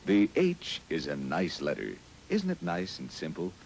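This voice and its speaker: A man narrating calmly, teaching about a letter. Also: low voice, a little slow, creaky, loud music behind the voice. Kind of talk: scripted narration.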